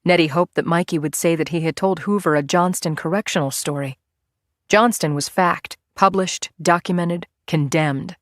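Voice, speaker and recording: A woman narrates a scripted thriller audiobook in a low, measured voice, keeping it steady and even so the tension builds without any rush. The recording is dry, close-miked, and free of echo.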